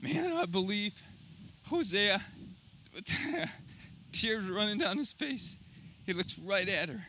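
Bright, forceful preaching man. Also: sits high, animated, a little hiss or hum. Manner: impassioned preaching, drops to soft intimate tones, slows on key phrases. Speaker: pastor. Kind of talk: sermon.

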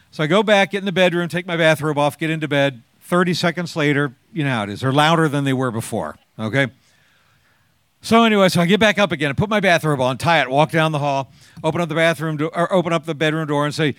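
A man's voice: a little high, fast talker, a bit bright, no room sound, studio quality. A man in his sixties sharing his personal testimony with an audience, as a chatty, joking storyteller who acts out the lines he quotes.

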